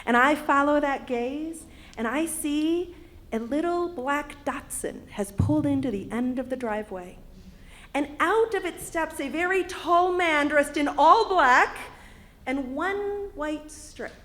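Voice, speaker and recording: Wisconsin-accented woman in her 50s, high voice, dry wit, live stage storyteller. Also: lively intonation, unhurried, a bit bright. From Wisconsin, USA. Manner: wry, humorous delivery. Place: arts center stage.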